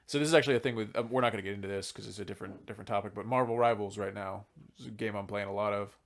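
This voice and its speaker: A man with a fairly low voice hosts a casual podcast while a little drunk. He rambles loosely through game lore and drops a casual swear now and then. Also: fairly even intonation, rapid-fire. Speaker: podcast host.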